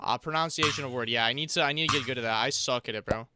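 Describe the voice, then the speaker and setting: A man's voice: medium pitch, racing. Rambling young male game streamer. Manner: rambling, joking, slangy, answers chat. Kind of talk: casual livestream chat while gaming. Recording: loud background noise.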